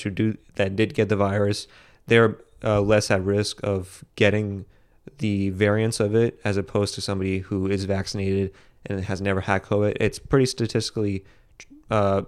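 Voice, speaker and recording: A young man with a fairly low voice talks through his opinions on a solo podcast. He rambles, restarts his sentences, and leans on fillers as he keeps going. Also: clear, resonant tone. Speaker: podcast host. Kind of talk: casual solo podcast commentary.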